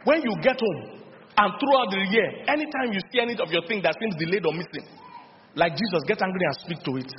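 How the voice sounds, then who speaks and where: A middle-aged Nigerian man preaching a sermon in a lively storytelling style, with call-and-response. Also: sits high, quick pace, a little hiss or hum. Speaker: pastor. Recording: dull lo-fi sound with long hall reverb.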